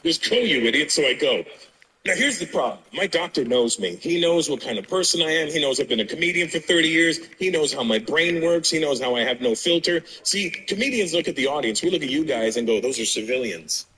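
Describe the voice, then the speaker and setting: A man's voice: on the high side, expressive, a little fast, sharp tone, slight background noise, low-quality recording. A man doing a stand-up comedy set in front of a live audience, telling a brash, profane story full of acted-out dialogue.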